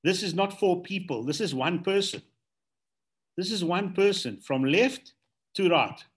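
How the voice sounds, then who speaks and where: A man's voice: sits high, expressive, unhurried. Effusive male host on a video call. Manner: effusive, thanking the guest. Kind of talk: casual hosting.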